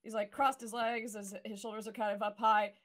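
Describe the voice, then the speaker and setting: A woman's voice: fairly high pitch, flat delivery, a little fast, fairly bright tone. Woman player, chatty. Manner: chatty, explains her moves. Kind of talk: casual tabletop play online.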